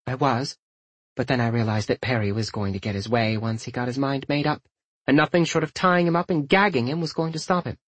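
A man voicing a calm, firm adult woman, a mother in an audiobook, speaking in an even, measured way. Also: medium pitch, no echo, lightly acted.

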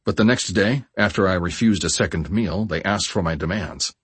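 A man narrating a first-person memoir audiobook in a measured, steady way. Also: sits low, breathy edge, no room sound.

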